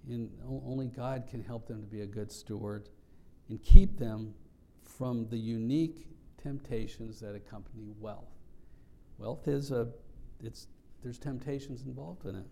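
A man preaching a sermon in a gravelly, mellow voice. He teaches in an earnest, reflective way, pausing and restarting as he works through scripture. His pitch sits in an ordinary middle range. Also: slight background noise. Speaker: pastor.

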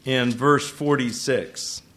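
A man preaching to a congregation, talking to them conversationally and asking them questions, with sudden loud emphasis and frequent self-corrections. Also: mid-range voice, steady tone, slow. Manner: restarts and self-corrections when tongue-tied. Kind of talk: sermon. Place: church hall with a congregation.

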